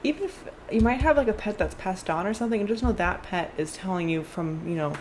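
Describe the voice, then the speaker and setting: A woman's voice: medium pitch, lively intonation, fast, darkish tone, a little hiss or hum. A young woman chatting through a casual tarot card reading, rambling with fillers and restarts.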